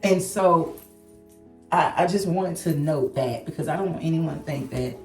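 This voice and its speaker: Animated woman, echoey room. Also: low-pitched, moderate pace, soft background music. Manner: animated, emphatic retelling. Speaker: co-host, wife. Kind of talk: casual storytelling chat.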